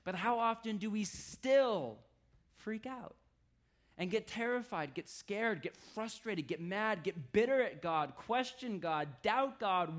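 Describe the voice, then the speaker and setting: A man preaching a sermon in a conversational style, with wry asides, often dropping his voice low for emphasis. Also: animated, slow pace. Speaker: pastor.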